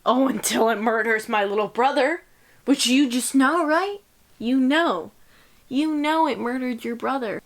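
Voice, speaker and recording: Young woman in her twenties, vlogging, sarcastic, heavy swearing, fairly high voice. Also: normal speed, a bit bright. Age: 20s. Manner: profane, fired-up, sarcastic. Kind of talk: casual video diary rant.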